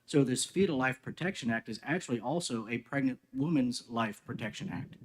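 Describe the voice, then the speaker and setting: A male legislator questions a witness in a committee hearing. His pitch sits in the middle range, and his questions are formal and pointed. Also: brisk. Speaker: state representative questioning a witness.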